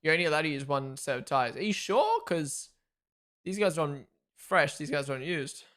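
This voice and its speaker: A man's voice: on the high side, normal speed. A man hosting a live race watchalong, reacting to the action and chatting casually with his viewers, reading their comments and thanking followers. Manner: excitable, chatty, reads out chat and thanks followers.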